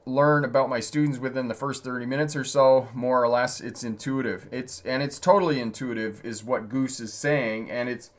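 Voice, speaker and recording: A man's voice: medium pitch, steady tone, moderate pace, few pauses. A male driving instructor answering viewer questions on a live stream, talking in a conversational way and laughing often.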